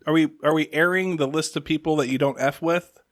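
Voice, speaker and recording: A man's voice: a little high, steady tone, brisk, no echo, studio quality. A man hosting a podcast, telling stories in casual chat and acting out the voices of people in them. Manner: storytelling, acts out voices from his stories. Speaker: podcast host.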